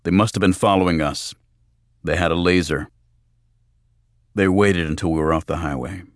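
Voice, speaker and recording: A man's voice: deep voice, moderate pace, dry recording, studio quality, natural voice. A man reading an audiobook, voicing a hard-bitten male mercenary who speaks tersely and grimly. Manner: terse, grim, matter-of-fact.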